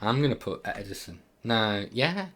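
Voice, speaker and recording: A man's voice: lowish voice, expressive, normal speed, fairly bright tone. A young British man co-hosting a casual football podcast, self-mocking and laughing easily. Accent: British English. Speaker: podcast co-host. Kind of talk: casual chat.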